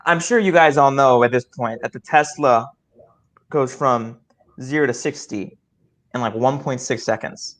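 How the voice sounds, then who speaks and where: A young man, an improv player, telling a comic story in an excited, rambling way with many stammered restarts over a video call. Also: medium pitch, a little slow.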